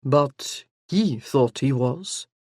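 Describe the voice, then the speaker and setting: An audiobook narrator voicing a gentle, tender French nobleman who speaks low and slowly with a French accent. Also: animated, dry recording, clean studio sound. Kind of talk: audiobook character voice.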